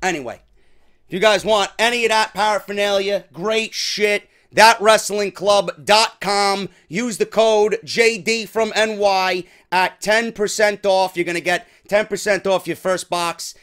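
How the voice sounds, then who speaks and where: High, bright-voiced swearing New York man. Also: unhurried. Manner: heavy swearing, excitable. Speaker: wrestling show host. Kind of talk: casual unboxing chat.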